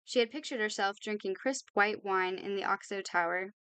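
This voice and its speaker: A woman reading a novel aloud for her channel, informal and brisk. She trips now and then and corrects herself. Her voice is smooth and clear, recorded close and dry. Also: mid-range voice, a bit bright, dry recording. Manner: brisk reading with slips and apologies. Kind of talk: read-aloud novel narration.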